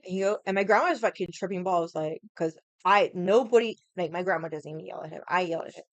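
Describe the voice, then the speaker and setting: A woman's voice: fairly low pitch, fast talker, no echo. A woman telling a story in casual chat, blunt and profane, rambling with lots of "like". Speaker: vlogger.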